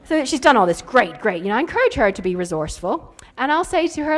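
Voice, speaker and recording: A woman's voice: a little high, sing-song, fast talker, hardly any pauses. A woman, telling playful stories in a conference keynote. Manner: playful storytelling with acted-out quotes. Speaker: keynote speaker.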